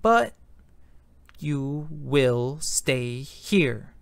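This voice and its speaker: A man's voice: medium pitch, expressive, very slow, gravelly, dry recording, full character voice. A man voicing a stern, menacing middle-aged female teacher in an amateur audiobook reading, speaking in cold, clipped commands.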